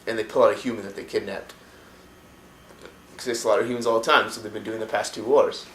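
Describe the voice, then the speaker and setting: A man's voice: fairly low pitch, fairly even intonation, fast talker, fairly bright tone. A man casually retelling a story, rambling and loose, with lots of fillers and the odd curse word. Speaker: lore storyteller. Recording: roomy echo, faint room noise.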